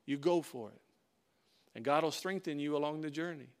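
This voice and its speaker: A man's voice: a little high, moderate pace, smooth. A male pastor preaching a sermon, emphatic and direct, often repeating his phrases.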